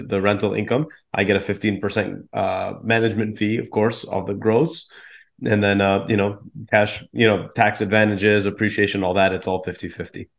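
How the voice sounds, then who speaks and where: A man, a real estate investor guest on a podcast, explaining his approach confidently with casual fillers. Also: lowish voice. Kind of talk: podcast interview.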